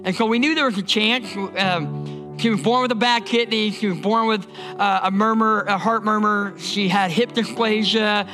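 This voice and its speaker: A man's voice: high voice, steady tone, normal speed, over music. A man from Indiana preaching a sermon as a pastor, emphatic and repetitive, often restarting his words.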